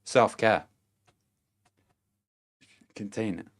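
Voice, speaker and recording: A man's voice: fairly low pitch, drawn-out words. A man giving a casual motivational monologue to camera, blunt and profane, chuckling between his points. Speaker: vlogger.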